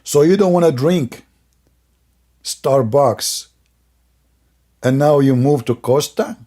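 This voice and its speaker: A man's voice: a little high, slow, dark tone. Scornful man mocking a video. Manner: sarcastic, scornful, laughs often. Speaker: commentator.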